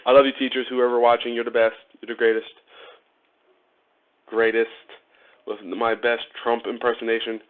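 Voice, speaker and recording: A man's voice: mid-range voice, little pitch movement, a little fast, hardly any pauses. A man from Ohio chatting and joking with viewers while he wires up a motorcycle, laughing often. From Ohio, USA. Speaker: motorcycle vlogger. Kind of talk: casual live-stream chat while wiring a motorcycle. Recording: phone-like narrow-band audio.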